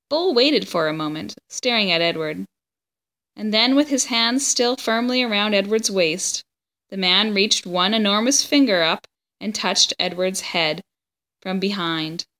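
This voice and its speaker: A woman reading a children's chapter book aloud at a medium pitch. Her storytelling is steady and even, chapter by chapter. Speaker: story reader.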